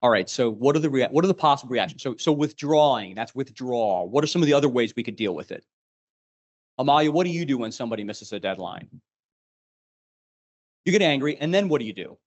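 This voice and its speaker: A man runs a live leadership workshop, firing questions at his group. His pitch swoops widely and expressively as he talks. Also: quick pace, muffled recording. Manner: animated, quizzing the group. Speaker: leadership trainer.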